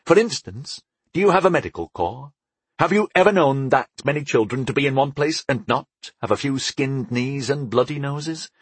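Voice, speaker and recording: A man's voice: medium pitch, expressive, normal speed, husky, no echo, voice pushed up. A man voicing a young, mischievous and smug male enchanter in an audiobook, with a knowing, playful delivery. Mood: eager. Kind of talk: audiobook character voice.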